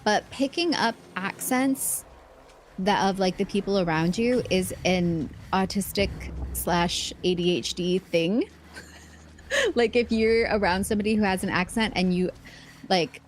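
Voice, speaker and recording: A woman's voice: medium pitch, a little slow, slight background noise. A young woman streaming a video game, chatting casually and playfully and laughing often. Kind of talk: casual live-stream chat while gaming.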